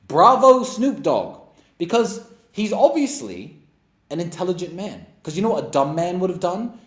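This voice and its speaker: A man's voice: high voice, very animated, moderate pace. A man in his thirties giving a blunt, scornful opinion monologue as a commentator. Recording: roomy echo.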